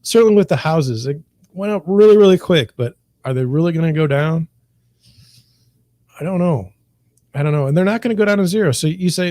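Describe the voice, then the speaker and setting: A man's voice: fairly high pitch, lively intonation, brisk, long pauses, dark tone, dry recording. Frustrated man, dry close sound. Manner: frustrated, repetitive, rambling with restarts. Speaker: real estate broker. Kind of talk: candid monologue to camera.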